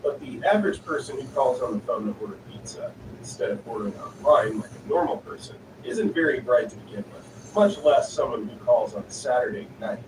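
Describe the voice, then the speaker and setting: A man's voice: medium pitch, animated, a little fast, hardly any pauses. Distant echoey male story narrator. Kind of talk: reading online stories aloud. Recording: echoey, distant voice with noisy ambience.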